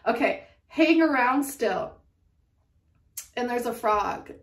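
A woman's voice: on the high side, expressive, slow. A woman giving a casual tarot reading, giggling often and swearing freely. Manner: giggly, profane, frequently laughing. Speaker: tarot card reader. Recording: echoey room, far from mic.

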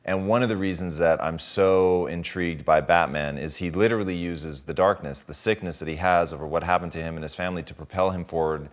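A man's voice: sits low, a little fast, hardly any pauses. A male podcast host in casual interview chat, enthusiastic and swearing freely.

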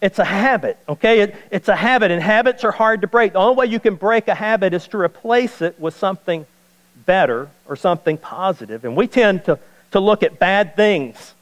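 A man preaching a sermon as pastor, folksy and animated, repeating key lines and joking with the congregation. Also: sits high, brisk, long reverb tail, low-quality recording. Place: church sanctuary.

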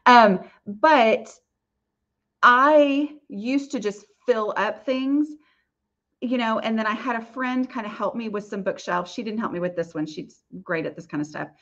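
A woman's voice: on the high side, a little slow, fairly bright tone, muffled recording. A woman hosting a casual live Q&A and answering viewer questions, talking in a chatty, rambling way with many fillers and restarts.

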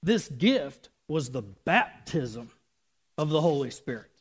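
A man's voice: a little high, very animated, takes it slowly, husky. A man in his thirties giving a casual, chatty sermon with asides. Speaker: preacher.

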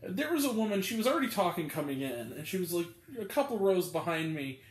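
Young man, casual movie vlogger, rambling delivery, high voice, roomy reverb. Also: sing-song, fast talker. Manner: rambling, filler-heavy, chatty. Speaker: movie reviewer. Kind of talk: casual video review. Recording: roomy echo.

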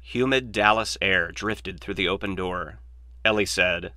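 Low, bright-toned man reading a novel. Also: measured pace, dry recording, studio quality. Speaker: audiobook narrator.

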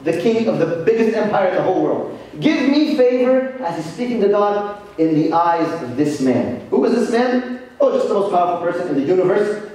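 A man, a priest, giving a lively sermon lecture and telling stories with acted-out voices. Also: high voice, normal speed. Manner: animated storytelling, acts out quoted voices. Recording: echoey hall, distant mic, faint noise.

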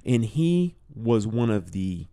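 A man, a guest on a podcast, telling a personal story in a casual, animated way and filling it with "you know". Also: lowish voice, takes it slowly, gravelly. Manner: animated storyteller, acts out quoted dialogue, many "you know"s. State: emotional, choked up. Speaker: podcast guest, drum teacher.

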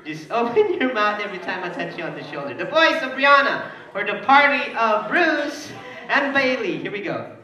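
A man's voice: sits high, sing-song, moderate pace, bright, forceful tone. A man working as a party entertainer, teasing a child volunteer with playful banter. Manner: playful, teasing, laughs often. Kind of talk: party emcee with audience banter. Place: indoor party venue. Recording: echoey party hall, distant mic, crowd.

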